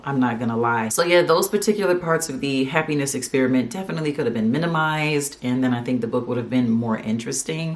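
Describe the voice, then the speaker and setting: A woman vlogger giving an earnest, tearful book review, talking straight to her viewers. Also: extremely low pitch. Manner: earnest, emotional, addresses viewers directly. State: tearful, on the verge of crying. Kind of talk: casual emotional book review.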